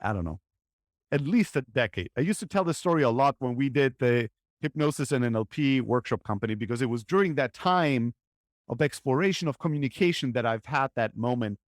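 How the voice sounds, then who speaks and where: A man's voice: mid-range voice, animated, brisk, no room sound, studio quality. A man hosting his own podcast, telling a personal story in an earnest, reflective way and often checking in with "right?". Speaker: podcast host.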